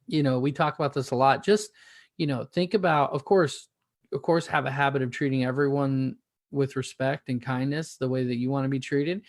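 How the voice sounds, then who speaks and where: A man's voice: medium pitch, brisk, no room sound, studio quality. A male podcast host interviewing a guest, rambling and encouraging with frequent restarts. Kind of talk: casual interview hosting.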